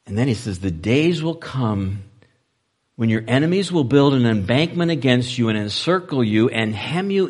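In this sermon, a male preacher alternates emphatic, loud statements with quiet, low-pitched stretches.

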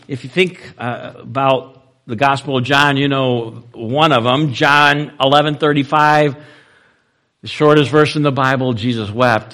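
A male preacher delivering a sermon, moving between loud, emphatic lines and soft, low-voiced passages.

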